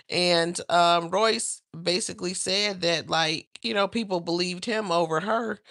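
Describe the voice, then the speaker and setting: Woman livestream host, lower voice, gossipy and laughing, dry close sound. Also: no room sound. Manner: chatty, animated, laughs often, talks to the chat. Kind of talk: casual celebrity gossip livestream.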